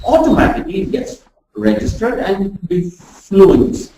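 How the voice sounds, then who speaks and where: A woman teaching a pronunciation lesson, demonstrating sounds with deliberate exaggeration. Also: mid-range voice, lively intonation, mellow. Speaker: communication skills trainer. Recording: very echoey room, voice far from mic.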